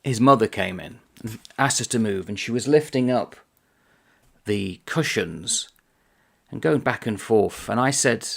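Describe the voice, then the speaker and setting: A man's voice: fairly low pitch, measured pace, gravelly, pauses often, a bit bright. A man chatting casually about a book he is reviewing, reading passages aloud in a conversational manner.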